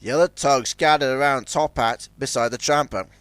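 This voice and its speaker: A man narrating a children's storybook in a lively, expressive reading style. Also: mid-range voice, normal speed, clear, resonant tone, dry recording.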